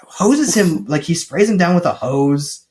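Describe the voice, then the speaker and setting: A man co-hosting a casual podcast, retelling a film with jokes and quick paraphrased lines from its characters. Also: a little high, animated, a little mellow. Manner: chatty, joking, quick paraphrased quotes. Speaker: podcast co-host recapping a film. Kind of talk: casual chat.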